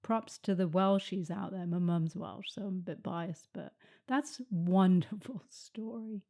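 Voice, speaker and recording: A woman hosting a casual podcast interview. Her voice sits a little low, and she encourages her guest while asking probing questions. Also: measured pace, dark tone. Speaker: podcast host.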